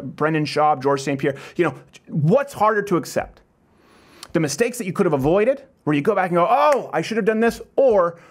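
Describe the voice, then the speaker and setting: A man hosting a talk show, delivering an emphatic motivational monologue full of repeated phrases. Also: a little high.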